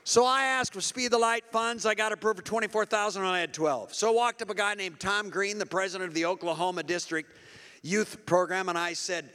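A man preaching to a congregation with a high, bright, forceful voice. He tells his story animatedly and swells into shouted fervor. He calls out to the crowd for applause. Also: fairly even intonation, a little fast, smooth, long reverb tail.

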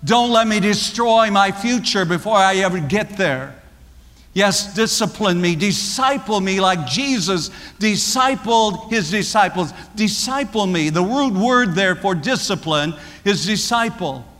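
A man's voice: sits high, animated, unhurried, fairly bright tone, long reverb tail. A man preaching a sermon, building his points through emphatic, repeated phrases. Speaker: pastor.

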